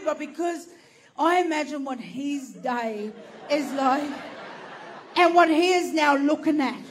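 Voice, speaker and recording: A woman telling a stand-up comedy story, swearing freely and breaking into loud, animated bursts. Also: sits high, a little slow, some chatter behind, slight background noise. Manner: animated, profane, bursts into shouting.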